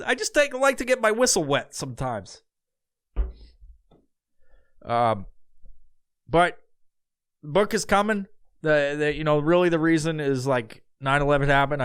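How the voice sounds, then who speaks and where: Rambling, foul-mouthed podcast host. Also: male voice, fairly low pitch, dry recording, clean studio sound. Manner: rambling and profane, with many fillers. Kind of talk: casual solo podcast monologue.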